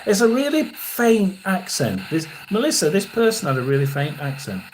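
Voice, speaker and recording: A man in his sixties, working as a psychic medium, gives a live tarot and spirit reading in a halting, rambling way, frequently clearing his throat. His voice sits high with huge swings in pitch, and there's background noise.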